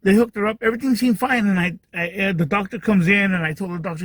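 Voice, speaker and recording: A man's voice: sits high, fast talker, hardly any pauses, dry recording. A man hosting a podcast, telling a long personal story in a rambling way full of fillers and restarts. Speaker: podcast host. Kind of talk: casual storytelling monologue.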